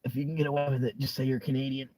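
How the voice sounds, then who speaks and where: A young man from the United States talks loosely to his viewers, circling back on himself with fillers and laughing easily. His voice is mellow and dark-toned, recorded close and dry with no room sound. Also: mid-range voice, little pitch movement, rapid-fire, no room sound. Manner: rambling, laughs often, many fillers. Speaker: livestream host. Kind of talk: casual livestream chat.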